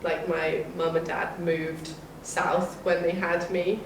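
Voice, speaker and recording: A woman's voice: on the low side, level tone, slow pace. Woman, southern English accent, casual chatter, filler-heavy; roomy distant sound. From south of England. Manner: chatty, with many fillers and restarts. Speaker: English teacher at a Korean tutoring school. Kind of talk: casual chat. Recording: echoey room, from off-mic, faint hiss.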